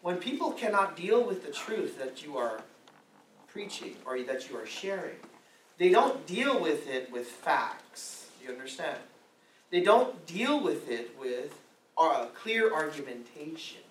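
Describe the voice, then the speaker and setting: Male pastor preaching, slightly high voice, roomy echo, sounds a bit off mic. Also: sing-song, measured pace, slight background noise. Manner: emphatic preaching with repeated rhetorical questions. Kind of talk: sermon. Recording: roomy echo, mic at a distance, faint ambience.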